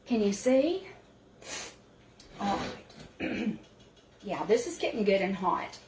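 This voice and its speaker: A woman chats her way through a home cooking demo, talking to her viewers in an unhurried, homey drawl. Her voice bounces around a small, echoey cabin kitchen, and plenty of background noise comes through the camera mic. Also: mid-range voice, expressive, a little mellow. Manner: homey, chatty, talks to viewers as y'all. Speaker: cooking show host. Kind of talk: casual cooking demonstration.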